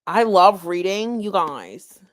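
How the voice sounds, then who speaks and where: A woman's voice: mid-range voice, lively intonation, takes it slowly. A woman hosting a commentary channel, reading aloud with offhand, joking asides and giggles. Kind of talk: casual read-aloud with chat.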